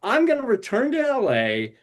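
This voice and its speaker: A middle-aged man chatting as a podcast guest about his puppet work. His pitch swings widely as he tells stories, and he fills gaps with "uh" and slips into voices for the people he quotes. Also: normal speed. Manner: animated, many fillers and voiced quotes. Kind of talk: casual interview storytelling.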